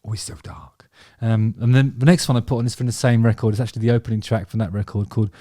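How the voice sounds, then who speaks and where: A man's voice: mid-range voice, flat delivery, fast, mellow, dry recording, clean studio sound. A man chatting casually about favourite songs, rambling and enthusiastic, with many ums and restarts. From England. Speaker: vlog host talking about music.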